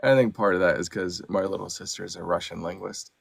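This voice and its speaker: A man, an audiobook narrator and actor, chatting as a podcast guest in an animated way with lots of fillers. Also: low-pitched, quick pace, vocal fry, breathy edge, no room sound, clean studio sound. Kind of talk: casual podcast chat.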